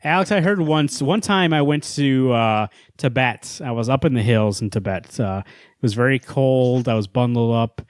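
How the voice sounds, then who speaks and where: A man's voice: medium pitch, moderate pace, dry recording, clean studio sound. A man co-hosting a comics podcast in casual chat, playful and prone to rambling joke stories. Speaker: podcast co-host.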